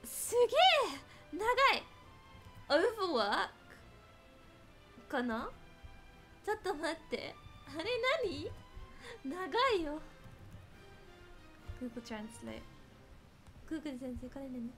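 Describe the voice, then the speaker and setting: A woman streaming a video game, playful and excitable, mixing in Japanese as she comments. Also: high-pitched, measured pace, pauses often, faint music behind. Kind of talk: casual gameplay commentary.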